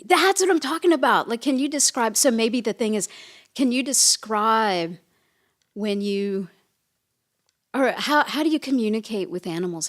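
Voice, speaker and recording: A woman co-hosting a casual podcast, playful and full of curious questions. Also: medium pitch. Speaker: podcast co-host and medium. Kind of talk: casual chat.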